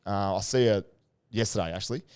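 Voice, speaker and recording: Man, fitness coach guest, slightly low voice, animated storyteller, casual podcast talk. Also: fairly quick, clear, resonant tone. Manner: animated storytelling with many restarts. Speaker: strength and conditioning coach.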